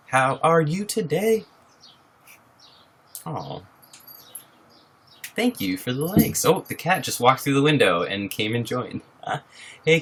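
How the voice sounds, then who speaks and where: Sitting at a wobbly table at home, a bubbly young livestreamer chats casually into his laptop microphone. His voice is medium-pitched and a bit bright, and he greets viewers by name and laughs a lot.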